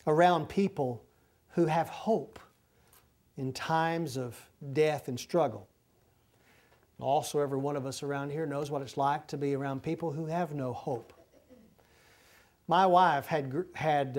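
A man's voice: a little high, darkish tone. A middle-aged man, preaching a sermon in a folksy, humorous storytelling way. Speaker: pastor.

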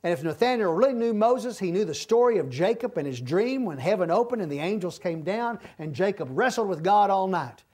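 A man's voice: high-pitched, expressive, fairly quick, hardly any pauses. A man teaching a verse-by-verse Bible study, explaining the scripture and acting out the speakers' lines. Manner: explains verses, acts out the speakers' lines, then closes in a quiet prayer.

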